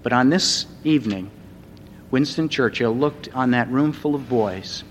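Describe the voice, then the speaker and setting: A man delivers a sermon at a slow, deliberate pace. He speaks earnestly and swells into loud, emphatic repetitions. A long reverb and a faint rumble sit behind his voice. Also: highs cut off. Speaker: preacher.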